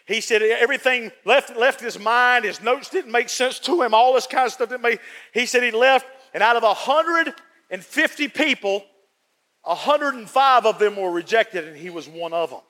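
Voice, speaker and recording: A pastor with a very high, bright, forceful voice preaches a sermon at a moderate pace, repeating phrases for emphasis. He moves between booming and hushed lines, while long church reverb lingers on his words.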